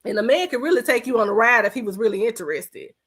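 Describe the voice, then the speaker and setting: A woman's voice: fairly high pitch, lively intonation, quick pace, fairly bright tone, slightly rough. A woman podcast host, delivering a blunt, profane, scolding rant in reaction commentary.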